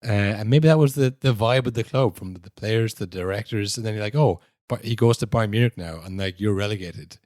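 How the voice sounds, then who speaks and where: A man co-hosting a football podcast in casual chat, swearing freely and acting out quotes in loud mocking voices. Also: lowish voice, brisk, hardly any pauses, no echo, clean studio sound. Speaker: podcast co-host. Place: podcast studio.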